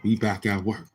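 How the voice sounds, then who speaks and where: A man's voice: fairly low pitch, husky. A man hosting a livestream, ranting loosely with restarts and mocking quoted voices. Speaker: livestream host. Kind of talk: casual livestream rant.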